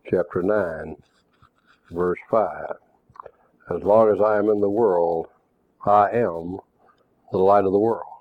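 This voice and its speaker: A man preaching a Bible lesson, measured and reading scripture passages aloud. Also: low-pitched. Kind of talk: Bible teaching. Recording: tinny phone-like recording.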